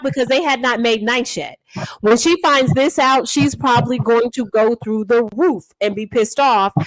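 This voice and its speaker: A woman with a fairly high voice rambles through gossip recaps, full of pauses and filler words. Her voice sounds dry and close to the mic. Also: dry recording, poor audio. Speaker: co-host. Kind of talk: casual gossip chat.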